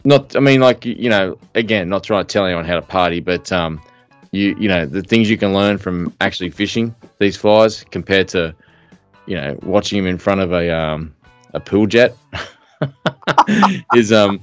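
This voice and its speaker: A man's voice: sits low, animated, normal speed, no echo, soft background music. A middle-aged man co-hosting a podcast, talking bluntly in casual chat with lots of fillers and restarts. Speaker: podcast co-host.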